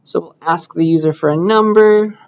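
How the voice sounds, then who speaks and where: A man's voice: on the high side, normal speed, a little mellow, dull audio. A man teaching a programming class, talking casually and checking in with students often as he codes live. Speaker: computer science lecturer. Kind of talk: classroom lecture with live coding. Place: lecture room.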